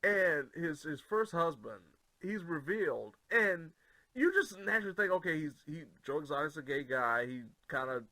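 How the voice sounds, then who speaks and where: An excitable male co-host reacts quickly and keeps repeating his agreement in a casual podcast chat. His voice is high and bright, with a forceful edge. The sound is dry, with no room around it. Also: dry recording. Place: home.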